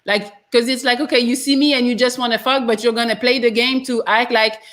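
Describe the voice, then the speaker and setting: A woman's voice: on the high side, steady tone, brisk, fairly bright tone. A woman hosting a live talk show, arguing bluntly and frankly and swearing freely. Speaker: show host. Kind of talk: casual debate on a live show.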